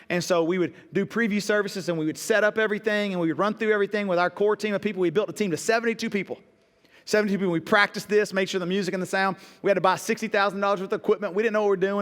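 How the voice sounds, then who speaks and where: A middle-aged man, a pastor telling stories in a sermon, lively and joking at his own expense. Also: on the high side, big-room sound. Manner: lively storytelling with self-deprecating jokes. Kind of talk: sermon storytelling. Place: church auditorium.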